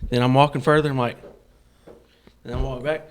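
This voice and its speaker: A man co-hosting a podcast, telling a story in casual chat and acting out the lines he yelled. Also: mid-range voice, fairly quick. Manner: animated storyteller acting out his own yelling. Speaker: podcast co-host.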